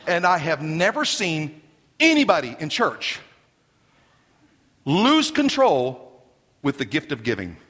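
A man preaching a sermon in an emphatic, animated way, with joking asides to the congregation. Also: fairly high pitch, slow, long pauses, big-room sound, noisy background. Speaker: pastor.

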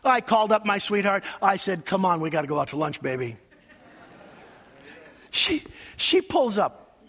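A man preaching a sermon as pastor, telling a personal story with emotion, his voice going from soft asides to loud cries. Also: sits high, animated, moderate pace. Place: large church sanctuary. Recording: long hall reverb.

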